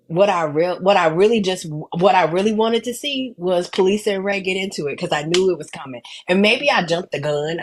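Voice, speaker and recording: Breathless woman hosting a live stream. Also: lowish voice. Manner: rambling, blunt, many fillers. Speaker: host of a live show. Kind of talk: casual live-stream chat. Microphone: headphones with mic.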